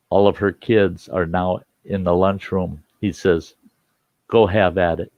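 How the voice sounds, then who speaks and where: A man's voice: low voice, no echo. An older man telling a personal story in a folksy, casual way, acting out the voices of the people in it. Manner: folksy, acts out quoted voices. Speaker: storyteller host. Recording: dull lo-fi recording.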